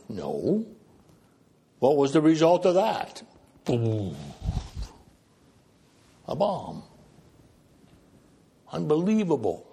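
A male preacher with a husky, breathy voice delivers a sermon. He swings from raised, emphatic phrases down to low, quiet ones. Casual asides and light self-mocking humor break up his preaching. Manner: dramatic, with wide swings in pitch and loudness.

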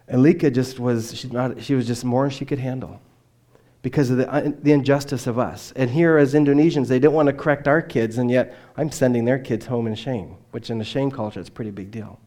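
A man giving a sermon as a missionary speaker, telling a personal story earnestly and swinging from loud emphatic lines to quiet, dropped endings. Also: mid-range voice, fairly even intonation, a little fast.

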